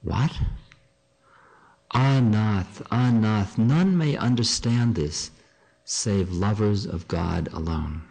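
A man's voice: fairly low pitch, expressive, takes it slowly, creaky, darkish tone, voice pushed up, exaggerated voice, low-quality recording. Man reading as a rapturous young wife. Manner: archaic, fervent and declamatory. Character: devoted young married woman, rapturous and solemn.

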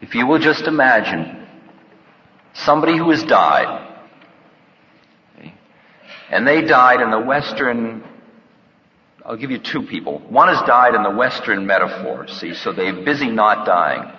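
A man gives a reflective spiritual talk at an easy pace, his tone bright and forceful. His delivery turns playful when he acts out little exchanges. The sound is dull and lo-fi, with a long reverb trailing off the walls of a hall. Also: mid-range voice, expressive. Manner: unhurried and reflective, with playful acted-out dialogue. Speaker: spiritual teacher. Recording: lo-fi recording in an echoey hall.

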